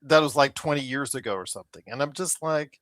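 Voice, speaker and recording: A man's voice: mid-range voice, fast talker, a bit bright. Rambling man on a casual podcast. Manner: rambling, many fillers and restarts; exasperated about controversies. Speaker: podcast co-host. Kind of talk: casual chat. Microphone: remote call mic.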